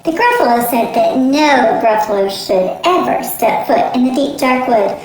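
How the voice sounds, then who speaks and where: A woman teacher from the northern United States reading a children's picture book aloud in a clear, lilting way. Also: high-pitched, expressive, unhurried, hardly any pauses. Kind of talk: children's storybook read-aloud. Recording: roomy echo, faint music.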